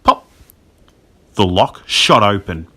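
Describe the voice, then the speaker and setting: A man narrates a spooky children's tale in a lively storytelling manner. His voice sits fairly low, with a bright, forceful tone. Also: normal speed. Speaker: audiobook reader. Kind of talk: scripted narration.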